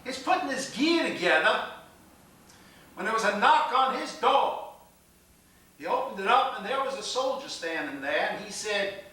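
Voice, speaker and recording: A man's voice: high-pitched, animated, moderate pace, pauses often, sharp tone. An actor playing a folksy Southern man who proudly tells family tales in a theatrical monologue, with a Southern US accent and rural grammar. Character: folksy older Southern man proud of his soldiering kin. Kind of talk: theatrical monologue for an acting class. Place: classroom or small stage. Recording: echoey room with the mic far away.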